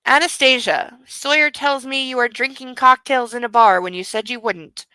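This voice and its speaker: A cold, curt, possessive young husband , read out by a woman in her own voice. The tone stays bright and fairly high, with a close, dry sound. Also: normal speed, clean tone, no echo, poor audio.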